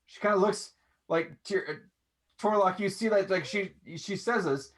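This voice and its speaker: A man narrating as game master, talking in halting bursts with many restarts. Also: sits high, a bit bright. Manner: halting, full of restarts and fillers.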